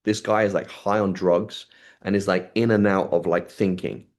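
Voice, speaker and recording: A man with a fairly low voice teaches a religious class. He talks in a loose, conversational way, reads short passages and then explains them plainly, and often checks in with his listeners. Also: fairly even intonation, normal speed. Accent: British English. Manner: conversational, asks "right?" often, reads Arabic then paraphrases. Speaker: Islamic studies teacher. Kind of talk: class lecture on a classical text.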